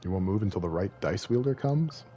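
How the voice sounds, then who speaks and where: A man's voice: lowish voice, lively intonation, brisk, mellow, faint music behind. A man streaming a video game, chatting casually and joking, rambling and slipping into silly voices. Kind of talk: casual gaming livestream commentary.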